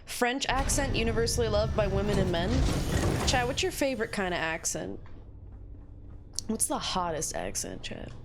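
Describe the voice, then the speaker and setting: A woman's voice: mid-range voice, very animated, normal speed, background noise. A young woman streaming a game, joking and bantering with her chat. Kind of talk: casual gameplay chat.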